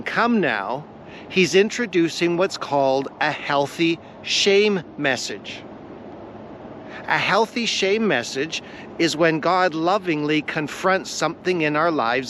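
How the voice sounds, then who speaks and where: A man teaching a devotional lesson on a vlog, earnest and deliberate, repeating his key phrases for weight. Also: on the high side, animated, a bit bright, slight background noise. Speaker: Bible teacher.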